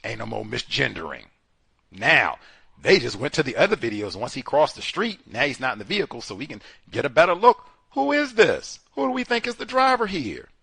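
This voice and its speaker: With a mid-range, gravelly voice carrying a breathy edge, a podcast host speaks fairly quickly on his casual commentary show. He's animated, performing quoted speech with exclamations, and there's no room sound.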